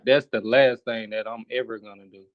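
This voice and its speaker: Male debater, measured and cautious, lo-fi dull sound with no room. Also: fairly low pitch, steady tone, no echo. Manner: careful, hesitant, restarts often. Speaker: debate participant. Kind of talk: debate, calm and hedging.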